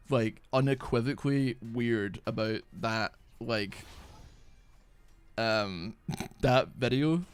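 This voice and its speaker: A young gaming streamer chats casually while playing live, rambling, restarting often and swearing plenty. His mid-range voice is clear and resonant, with no room sound in the recording.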